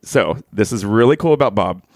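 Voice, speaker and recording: A man's voice: fairly low pitch, animated, fairly quick, no room sound, studio quality. A man co-hosting a podcast, introducing fun facts and bantering playfully with his co-host. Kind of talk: casual podcast chat.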